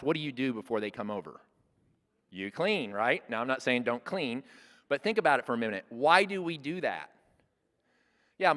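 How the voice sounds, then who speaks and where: A man in his sixties teaches in an earnest, plain-spoken way, sometimes restarting a phrase mid-thought. His voice sits at a middle pitch for a man. A long hall reverb trails after his words. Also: a bit bright. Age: 60s. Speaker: church workshop speaker. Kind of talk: conversational teaching talk.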